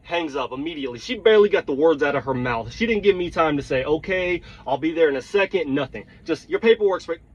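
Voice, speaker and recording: A man tells a heated, blunt story, his voice sitting a bit higher than most. He swears freely and keeps checking in with his listeners. The recording is dull and lo-fi. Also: expressive, fast, hardly any pauses. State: tired. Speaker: truck driver. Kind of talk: storytelling vlog rant.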